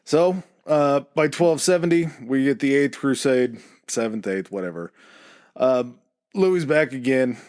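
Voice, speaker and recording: Brief: man, mid-pitched, dry close mic, easygoing history storyteller who hedges. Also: a little slow, dry recording. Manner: relaxed, hedging, with fillers. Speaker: podcast co-host telling the history.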